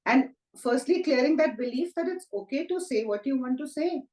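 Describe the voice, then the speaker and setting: A woman, a Reiki teacher speaking gently and reflectively in a conversational talk, often asking rhetorical questions. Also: sits high, expressive, moderate pace, reverberant, rough recording. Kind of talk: conversational talk on self-help.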